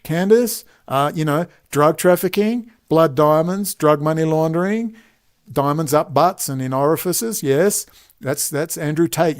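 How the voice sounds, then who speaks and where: A combative Australian man rants to camera in a loud, sarcastic monologue. His voice sits a touch higher than most men's. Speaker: online commentator.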